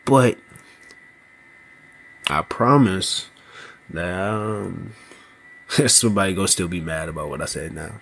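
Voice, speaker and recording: A man hosting a solo podcast, talking slowly and loosely, often asking "you know what I mean". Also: low-pitched, gravelly, a bit bright, a little hiss or hum. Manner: slow, thoughtful delivery with small laughs. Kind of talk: casual solo podcast monologue.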